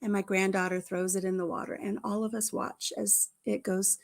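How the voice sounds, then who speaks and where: A middle-aged woman hosting a casual chat, telling a family story in an animated way and acting out the voices. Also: medium pitch, moderate pace, gravelly. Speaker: host.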